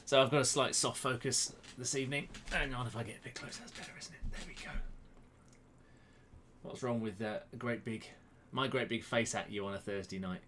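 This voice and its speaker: Chatty male quiz host, self-mocking, greeting viewers from home over a webcam with faint background noise. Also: lowish voice. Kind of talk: casual live-stream chat. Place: home room, indoors. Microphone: webcam close to the face.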